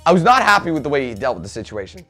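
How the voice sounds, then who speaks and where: A young man ranting angrily to camera as a gaming video creator, heated and swearing constantly, with loud outbursts. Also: medium pitch, big pitch swings, rapid-fire, soft background music. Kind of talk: angry rant to camera.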